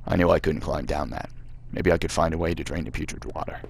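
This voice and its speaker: A man putting on a gruff American accent to read out the narration of a horror game. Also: steady tone, fast talker, a little hiss or hum. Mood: grim. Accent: put-on American. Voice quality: gruff, low and grim. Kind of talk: reading game text aloud.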